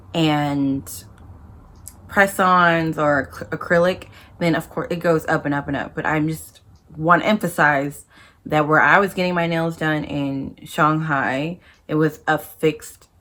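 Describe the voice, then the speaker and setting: Low-voiced young woman chatting casually. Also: a little hiss or hum. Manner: chatty and rambling, with many asides. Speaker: vlogger. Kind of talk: casual chat to camera.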